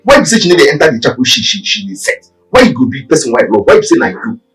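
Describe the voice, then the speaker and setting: A jealous, quarrelsome village boyfriend, speaking in a Nigerian Pidgin accent. His scolding comes out fast and swings widely in pitch. He sounds set back from the mic, with film music underneath. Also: big pitch swings, a bit bright, far from the mic, low-quality recording. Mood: angry. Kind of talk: Nollywood film acting.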